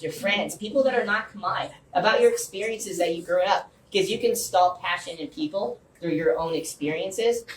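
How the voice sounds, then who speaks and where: A man giving an impassioned, rambling speech to a community group, with many fillers and restarts. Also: sits high. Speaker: guest speaker. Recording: echoey room, far from mic, faint hum.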